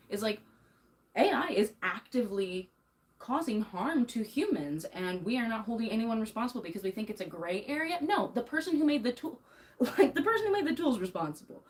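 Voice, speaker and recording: A young woman's slightly high voice comes through poor audio as she livestreams from her bedroom, doing laundry and ranting angrily to chat. She's heated and emphatic, and nervous laughs keep breaking through.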